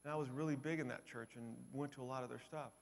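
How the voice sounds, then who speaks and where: A man's voice: medium pitch, fast talker, a little hiss or hum. A man speaking at a conference, telling a personal testimony with self-deprecating humor and acting out the voices of people in his story. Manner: animated, acts out quoted voices. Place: conference hall. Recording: long hall reverb.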